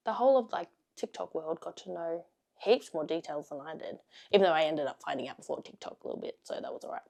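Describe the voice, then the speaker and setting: Blunt woman telling a story. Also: medium pitch. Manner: blunt, swears freely, laughs often, shifts from loud to hushed. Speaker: vlogger. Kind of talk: casual storytime monologue.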